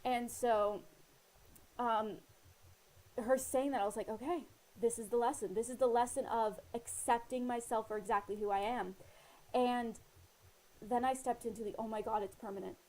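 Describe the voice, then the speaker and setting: A woman with a slightly high, fairly even voice speaks at normal speed with long pauses and a somewhat mellow tone; the audio is poor. A vlogger living in Australia, she talks earnestly to camera in a casual personal way, rambling with many fillers and retold dialogue as she shares advice.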